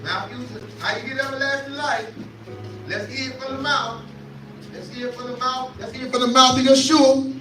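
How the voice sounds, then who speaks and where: A man's voice: very high voice, steady tone, moderate pace, over music. A man preaching a scripture teaching, repeating lines and calling out to his listeners. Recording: echoey room, voice from far off.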